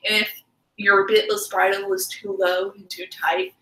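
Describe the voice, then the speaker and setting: A woman's voice: medium pitch, flat delivery, normal speed, sharp tone. A young woman in college co-hosting a casual chat, goofy and self-deprecating. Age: young adult. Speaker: co-host. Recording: echoey room.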